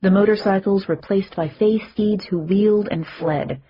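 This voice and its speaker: A woman reading a first-person audiobook, lively, rising in pitch when characters shout. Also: normal speed, slight background noise. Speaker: audiobook narrator. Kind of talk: audiobook narration with character voices. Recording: muffled lo-fi audio.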